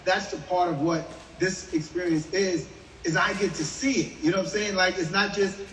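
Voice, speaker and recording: A man hosting a group call who speaks in a warm, conversational way full of fillers. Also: high-pitched, fairly even intonation, normal speed, reverberant, big-room sound, recorded from a distance, a little hiss or hum, low-quality recording. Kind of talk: casual supportive chat.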